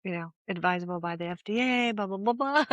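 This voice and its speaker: A woman's voice: mid-range voice, animated, fast talker, dry recording, highs cut off. An older woman talking as a guest in a casual conversation, telling stories animatedly with restarts and laughter.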